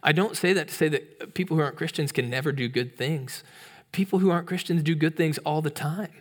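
Conversational male pastor preaching. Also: brisk. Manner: conversational, with frequent restarts and tag questions; acts out storybook voices in a higher pitch. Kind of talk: sermon.

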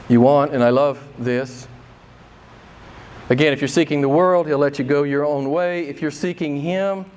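A man preaching a sermon, emphatic and conversational, pressing the congregation with repeated rhetorical questions. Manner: emphatic, rhetorical questions, wide swings in pitch and loudness. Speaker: pastor.

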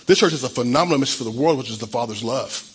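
A man's voice: medium pitch, very fast, slightly rough. A man in his fifties, a church pastor, gives an earnest and emotional sermon, stumbling and restarting as he tells his own story.

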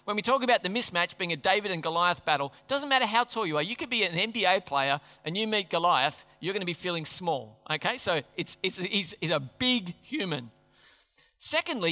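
A man's voice: high voice, expressive, normal speed, bright, forceful tone. A man preaching a sermon, chatty and jokey, often asking the crowd questions. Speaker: pastor. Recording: long hall reverb.

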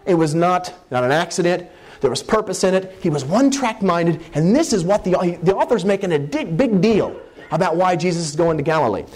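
A man delivers a sermon like a Bible study, speaking in a relaxed, conversational way. His voice sits a little high and swings widely in pitch as he animates his points. He slows down to lean on the words he wants to stress. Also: slightly rough. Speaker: preacher.

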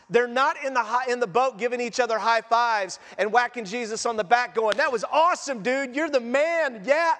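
A man, a pastor, preaching a sermon in an animated way, acting out the scenes and voices of the story he tells. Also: sits high, big-room sound.

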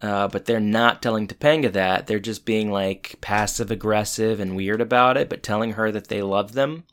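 A man's voice: on the low side, steady tone, normal speed, fairly bright tone. Man co-host, casual recap chat, understated and dry. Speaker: podcast co-host.

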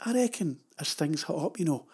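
A man's voice: a little high, lively intonation, a little fast, darkish tone, slightly rough. An older man with a Scottish accent, telling rambling, wry stories about his travels. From Scotland. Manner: chatty, digressive, wry. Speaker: storyteller. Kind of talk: rambling anecdotal narration.

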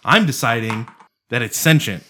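A man co-hosting a podcast in casual chat, profane and excitable, arguing with emphasis. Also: medium pitch, moderate pace, slight background noise. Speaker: podcast co-host.

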